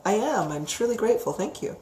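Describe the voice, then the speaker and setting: A woman teaching about psychic topics on a live stream, chatty and expressive, reading out viewer comments and often asking "right?". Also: mid-range voice, fairly quick. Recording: roomy echo.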